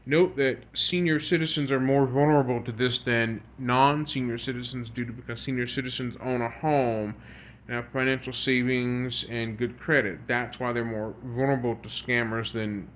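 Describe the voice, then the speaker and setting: A video creator reads news articles aloud and adds his own comments, earnest and repetitive, often stumbling and starting over in a halting way. His mid-range voice has fairly even intonation and a fairly bright tone, with slight background noise.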